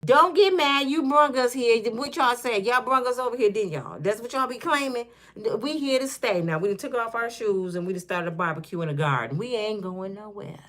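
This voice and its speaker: Animated, bright-voiced woman in her fifties. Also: fairly high pitch, a little fast, hardly any pauses. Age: 50s. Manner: animated, joking, acts out little scenes. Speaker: channel host. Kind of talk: casual commentary vlog.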